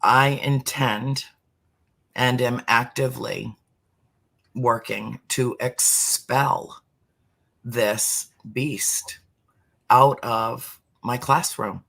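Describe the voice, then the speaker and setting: Slow and deliberate, this middle-aged man carries on a heartfelt spiritual conversation, occasionally sinking almost to a whisper to stress a point. His voice sits at medium pitch with a steady, sharp tone and a creaky quality.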